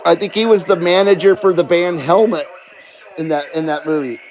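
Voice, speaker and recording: A middle-aged man hosts a loose live stream, reading viewer comments aloud and joking back. His voice sits fairly high for a man, and he swears freely. A faint background hum runs under his talk. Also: fairly even intonation, moderate pace, low-quality recording. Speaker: livestream host. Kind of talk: casual live-stream chat.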